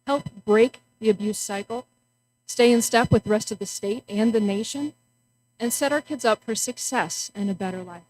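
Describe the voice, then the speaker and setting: A woman's voice: fairly high pitch, a little mellow, slight background noise, low-quality recording. A woman parent giving a prepared, earnest public comment at a school board meeting. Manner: earnest, measured, reading from notes.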